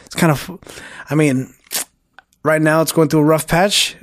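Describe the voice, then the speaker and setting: A man in his thirties, an animated storyteller in casual chat who swears a lot and uses many fillers. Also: on the high side, measured pace, dry recording, studio quality.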